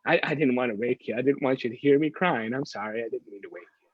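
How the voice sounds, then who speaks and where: A man voicing a soft, grieving Jesus. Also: medium pitch, quick pace, dry recording, lo-fi sound, natural voice. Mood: sorrowful. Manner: soft, apologetic and tearful. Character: gentle, grieving adult male Jesus.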